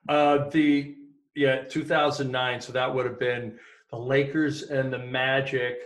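A man's voice: mid-range voice, level tone, measured pace. A man hosting a casual interview, asking questions and often putting in short affirmations. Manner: affable, frequent short affirmations. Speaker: podcast host. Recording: echoey room.

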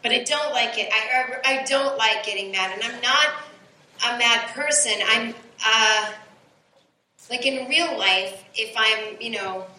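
A woman in her forties doing a stand-up set on a club stage, talking in an animated way, swearing and rising to high shouts. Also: a little slow. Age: 40s. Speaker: stand-up comedian. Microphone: handheld stage mic into sound board. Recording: echoey club recorded off the sound board, noisy.

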